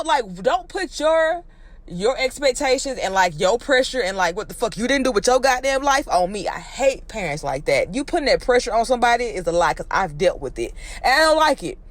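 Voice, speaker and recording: A woman's voice: big pitch swings, brisk, no room sound. Blunt, profane woman ranting. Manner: blunt, heavy profanity, opinionated; swings up into high exclaiming pitch. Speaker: reality show recap vlogger. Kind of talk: casual ranting commentary.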